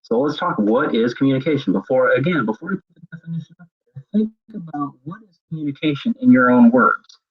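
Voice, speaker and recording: A man's voice: mid-range voice, animated, fast, breathy edge. A man presenting a recorded web seminar on leadership, explaining ideas as he thinks them through. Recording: dull lo-fi web seminar audio.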